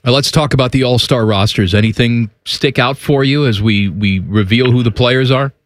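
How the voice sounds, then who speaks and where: A man's voice: medium pitch, moderate pace, dry recording. Man hosting dry studio sports radio. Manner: steady, leads questions. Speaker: radio host. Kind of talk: casual radio sports chat.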